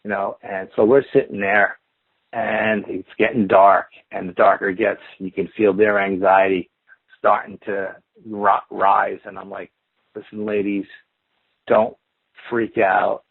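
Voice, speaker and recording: Over a tinny phone line, a male interview guest rambles casually through a long encounter story, building it up repetitively with stacked "and then you hear" phrases. His voice is lowish, level, gravelly and slightly rough, at a measured pace, and the recording is dry.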